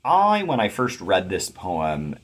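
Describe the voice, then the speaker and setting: A man teaching poetry in a measured lecture, reading verse lines aloud and tapping out their rhythm with chanted "da-da" syllables. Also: sits low, huge pitch swings. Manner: thoughtful, measured explanation with occasional fillers. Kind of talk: explanatory lecture.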